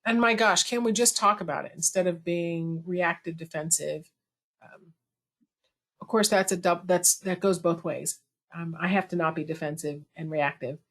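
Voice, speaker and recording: A woman hosting a webinar over a video call, talking in a chatty, lively way with self-deprecating asides. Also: on the low side, moderate pace. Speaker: webinar host. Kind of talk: conversational webinar talk.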